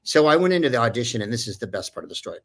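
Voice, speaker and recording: Man, voice actor, casual anecdote, rambling, digressive, lots of ums and uhs, middle pitch. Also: sing-song, racing. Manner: rambling, digressive, many fillers. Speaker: voice actor guest.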